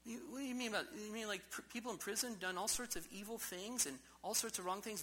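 A man's voice: sits high, quick pace, hardly any pauses, sharp tone, breathy edge, poor audio. A man preaching a sermon in a church service, emphatic and full of rhetorical questions to the congregation. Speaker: pastor.

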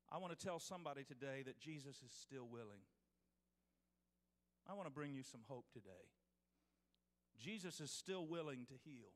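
A man's voice: a little high, fairly bright tone, long reverb tail. A man preaching a sermon as pastor, reading scripture aloud with restarts and calling out to his congregation.

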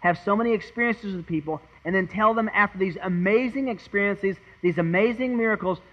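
High-voiced man preaching an earnest sermon. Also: a little fast, dull audio. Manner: earnest, dramatic, swings from loud to hushed; repeats and restarts words. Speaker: pastor. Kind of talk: expository sermon.

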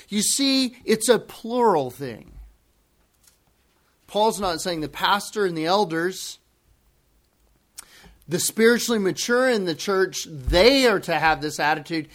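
Slow, high-voiced male pastor preaching. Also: fairly bright tone. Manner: emphatic, deliberate, repeats key phrases. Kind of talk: sermon.

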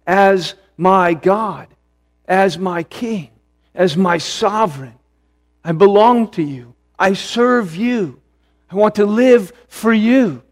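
A man preaching a sermon in an earnest way, slowing down and repeating phrases for emphasis. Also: sits high. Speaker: pastor.

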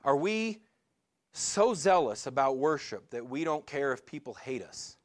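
A middle-aged male pastor giving a sermon in a conversational way, asking the congregation questions and slowing down to stress key lines. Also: medium pitch, big pitch swings. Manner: conversational preaching with rhetorical questions and slowed emphatic lines.

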